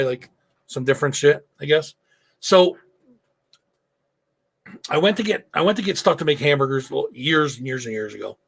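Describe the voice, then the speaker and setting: A man's voice: fairly high pitch, a bit bright. A middle-aged man hosting a live show, telling a loose, rambling story with lots of swearing and fillers. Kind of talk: casual live-stream chat.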